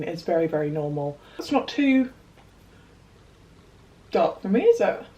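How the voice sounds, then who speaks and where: A young woman chats openly while she works through her makeup routine. Her voice sits slightly low and comes across as a little distant from the microphone. She is candid, laughs easily and drops the odd swear word. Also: a little mellow. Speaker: beauty vlogger. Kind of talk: get-ready-with-me chat.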